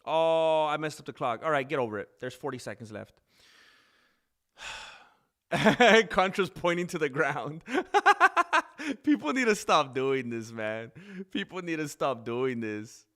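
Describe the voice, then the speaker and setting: A man casually commentating a live fight stream, chatty and rambling, quick to get excited. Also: on the high side.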